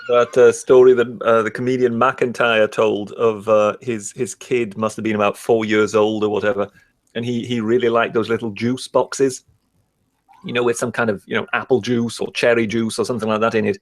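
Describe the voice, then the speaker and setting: A man on a live talk panel telling a story with many pauses and fillers. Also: fairly low pitch, little pitch movement. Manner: halting, full of "uh"s. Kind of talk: casual chat.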